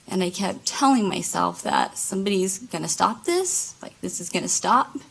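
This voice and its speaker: A woman giving courtroom testimony as a witness, halting, with many fillers and restarts. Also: mid-range voice, expressive, gravelly, breathy edge, poor audio. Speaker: trial witness. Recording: courtroom microphone.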